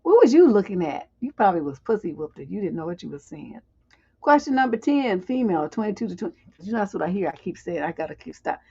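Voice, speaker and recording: A woman's voice: mid-range voice, sing-song, fast talker, darkish tone, breathy edge. A woman hosting a livestream relationship advice show, giving blunt, profane advice with chatty, laughing asides. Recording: dull lo-fi stream audio.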